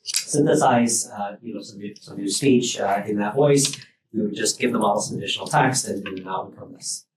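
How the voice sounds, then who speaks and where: A man's voice: fairly low pitch, moderate pace. A man giving a technical research talk at a workshop, talking loosely with many fillers and restarts. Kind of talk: technical lecture. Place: lecture room at a workshop. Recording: roomy sound, mic at a distance, faint noise.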